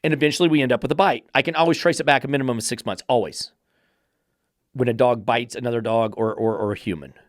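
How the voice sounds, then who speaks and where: A man's voice: medium pitch, fast talker, no echo, clean studio sound. A man hosting a podcast about dog training, ranting bluntly and sarcastically, swearing freely as he gets fired up. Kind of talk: podcast rant.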